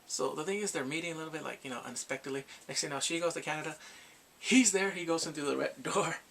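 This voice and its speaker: A man casually recapping a drama's plot, animated and emotional, acting out the characters' lines. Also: a little high, very fast, gravelly, a little hiss or hum. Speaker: drama reviewer.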